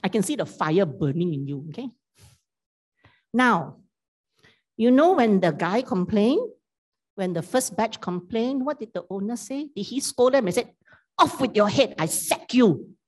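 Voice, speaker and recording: Slow-talking woman preacher. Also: medium pitch. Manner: animated, questions the congregation, teasing. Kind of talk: sermon.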